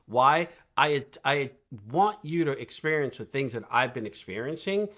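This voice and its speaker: Energetic man with a bright, forceful voice. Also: mid-range voice, normal speed. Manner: energetic, emphatic, keeps asking "right?"; rhetorical questions, animated storytelling. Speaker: guest, coach. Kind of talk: podcast conversation.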